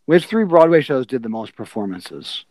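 A man hosts a casual trivia podcast, drawing out his questions with halting pauses and chuckles. His voice sits at an average pitch. The recording is dry and close. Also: very animated, warm tone, dry recording. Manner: laughing, halting, drawn-out question reading. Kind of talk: casual podcast quiz hosting.

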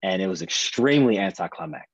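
A man's voice: low voice, expressive, quick pace, breathy edge, no room sound, highs cut off. A man in his thirties, a podcast guest, telling a personal story earnestly and candidly, often restarting and repeating his phrases. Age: 30s.

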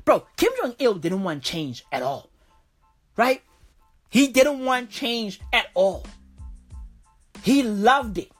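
Woman, high voice, slangy profane riffing, comic commentary, faint background music. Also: big pitch swings, takes it slowly, long pauses, husky. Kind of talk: reading aloud with comic commentary.

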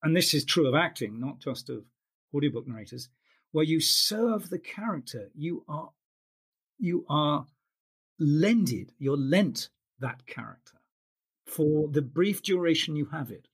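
A man's voice: fairly high pitch, expressive, measured pace, breathy edge. A man who works as an audiobook narrator, talking thoughtfully in an interview with frequent restarts. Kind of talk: interview conversation.

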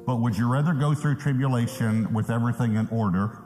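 A man preaching a sermon to a church congregation, earnest and slowing down to stress key words. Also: medium pitch, reverberant, big-room sound, music in the background. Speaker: pastor. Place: large church auditorium.

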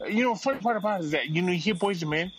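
A man's voice: high voice, animated, rapid-fire, crowd noise, low-quality recording. A man hosting a podcast in casual chat, brash, profane and opinionated. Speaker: podcast host.

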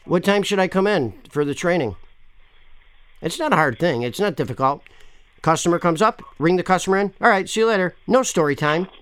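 A man's voice: high voice, animated, a little fast, fairly bright tone, smooth. A man making a prank call to a store, rambling, pushy and swearing often. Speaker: caller complaining to a store.

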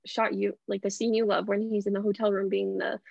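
A woman's voice: mid-range voice, flat delivery, a little fast, gravelly, a little mellow, dry recording, lo-fi sound. A young woman co-hosting a casual movie podcast, rambling with lots of "like". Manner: rambling, heavy use of "like".

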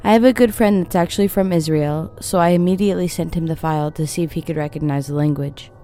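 A woman narrating a scripted scary story in a steady storytelling read. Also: low-pitched, fast, faint music behind.

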